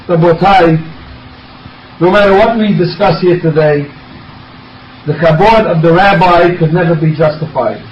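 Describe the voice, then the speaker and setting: Man, eulogy speaker, passionate storyteller with a high voice, shouts his points, distant mic in an echoey room with faint noise. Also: dull audio. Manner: impassioned, rising to shouts for emphasis; storytelling with quoted dialogue. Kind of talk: emotional memorial eulogy. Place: room with an audience.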